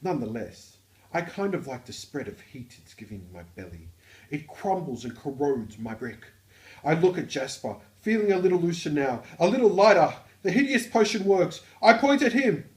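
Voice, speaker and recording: A man voicing a nervous, earnest teenage boy narrating a storybook scene in an exaggerated put-on Australian accent, with a shrill, overblown delivery. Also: big pitch swings, normal speed, a little mellow, roomy sound. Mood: dramatic. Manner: shrill, overblown dramatic reading.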